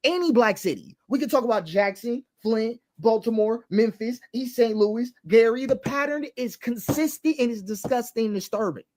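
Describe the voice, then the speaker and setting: A man's voice: very high voice, normal speed, hardly any pauses, darkish tone. A man hosting an online show, delivering impassioned political commentary with emphatic repetition and long lists. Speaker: commentary host.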